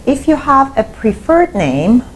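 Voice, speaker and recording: A woman's voice: high-pitched, sing-song, measured pace, slight background noise, low-quality recording. A woman teaching an online English lesson, explaining step by step and repeating her examples. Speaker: English teacher and language school founder.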